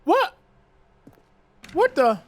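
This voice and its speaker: A man streams a game in giggly, playful commentary, high from an edible and swearing loosely. His delivery is slow and drawn out, and his pitch bounces around a lot. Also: very animated. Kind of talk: casual gameplay commentary.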